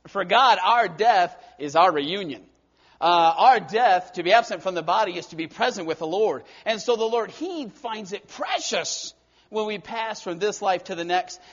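A man preaches a sermon, telling stories and moving between hushed lines and emphatic bursts. His voice sits high for a man. The recording sounds dull and lo-fi. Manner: storytelling, swings between soft and emphatic.

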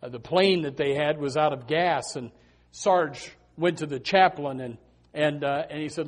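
A man preaching a sermon, telling stories with animated emphasis and a lot of repetition. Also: fairly high pitch, moderate pace.

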